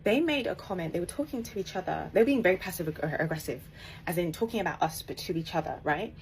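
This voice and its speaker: A woman tells a personal story at a rapid clip, animated and emphatic. Her voice sits low, and a faint hiss of background noise runs under her talk. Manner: animated, emphatic, laughs while telling. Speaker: author and podcaster. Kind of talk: casual storytelling.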